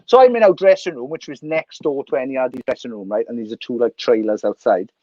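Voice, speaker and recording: A man's voice: mid-range voice, fast, no room sound, highs cut off. Sweary Welsh man telling a story. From Wales. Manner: animated, sweary, laughs through anecdotes. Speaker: podcast guest. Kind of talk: casual storytelling.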